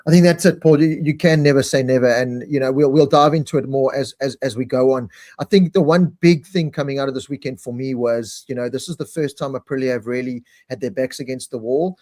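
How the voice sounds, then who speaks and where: A man's voice: medium pitch, fairly quick, few pauses, a little mellow, dry recording, clean studio sound. A man hosting a casual live-streamed talk show. He chats freely, often repeats words, and reads out viewer comments. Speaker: podcast host.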